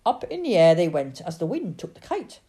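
A woman reading a children's storybook aloud in a dramatic, expressive way. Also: fairly low pitch, moderate pace. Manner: dramatic, sing-song.

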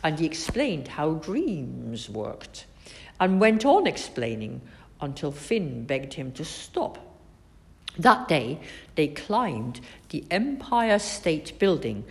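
A woman reading a children's story aloud in an expressive, sing-song way. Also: sits low, takes it slowly, creaky.

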